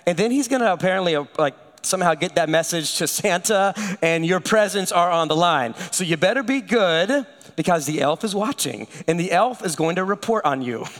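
A man preaches a sermon in a relaxed, conversational way, telling stories with animation. His voice sits fairly high and rings out with a long church reverb. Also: brisk. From United States. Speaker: pastor.

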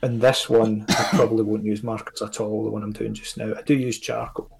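A man's voice: on the low side, little pitch movement, brisk, vocal fry, breathy edge. A Scottish man, a comics creator, chatting on a podcast in a rambling, self-critical way with lots of fillers and casual swearing.

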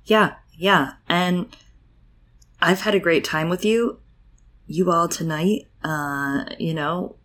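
A woman co-hosting a podcast in playful, animated casual chat. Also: fairly low pitch, slow. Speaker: podcast co-host.

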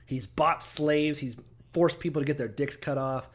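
Profane joking man, higher voice. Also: normal speed. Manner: profane, joking, breaks into laughter. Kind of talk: casual irreverent Bible discussion.

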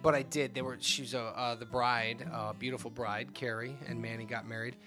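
A man co-hosting a podcast in casual chat, an animated storyteller who slips into voices of people in his anecdotes. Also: mid-range voice, normal speed, over music. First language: not given; says he is bilingual, trilingual. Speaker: podcast co-host.

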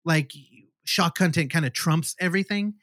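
A man co-hosting a podcast, chatting casually about horror films, animated and swearing freely. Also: on the high side, moderate pace, no room sound, studio quality. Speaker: podcast co-host.

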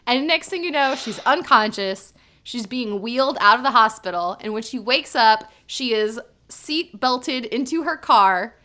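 Bright, lively woman telling a story. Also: fairly high pitch, measured pace. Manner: lively storyteller, acts out scenes with joking comments. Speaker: podcast co-host. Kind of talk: casual chat recapping a drama.

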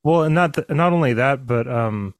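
A man co-hosting a casual book discussion, rambling with lots of fillers and restarts and slipping into animated impressions of characters. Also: medium pitch, normal speed, no echo, studio quality. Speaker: podcast co-host.

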